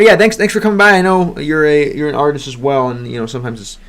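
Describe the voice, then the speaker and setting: A man's voice: on the high side, lively intonation, a little fast, a bit bright. An American man streaming a game, chatting in a rambling, hesitant way and sounding out foreign words as he goes. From United States. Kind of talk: livestream gameplay chat.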